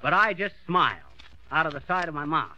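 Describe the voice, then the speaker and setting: A man's voice: fairly high pitch, lively intonation, brisk, sharp tone, lo-fi sound. A man playing a boastful small-town braggart in a 1940s radio comedy, folksy and blustering. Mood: bragging. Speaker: comedy lead.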